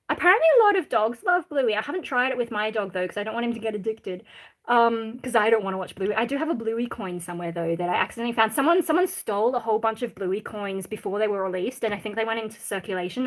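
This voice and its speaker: An Australian woman from Sydney chatting casually on a livestream, reading out viewer comments in a rambling, candid way with many pauses. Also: on the high side, fairly bright tone. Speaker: livestream host.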